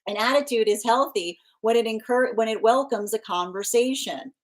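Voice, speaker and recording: A woman's voice: on the high side, moderate pace. A woman giving a live tarot reading, rambling and emphatic, with frequent restarts and repeated phrases. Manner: emphatic, insistent. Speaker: tarot reader.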